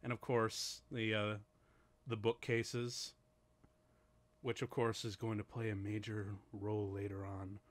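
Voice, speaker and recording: A man co-hosting a casual movie commentary podcast, excitable and laughing often. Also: fairly low pitch, unhurried. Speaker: podcast co-host.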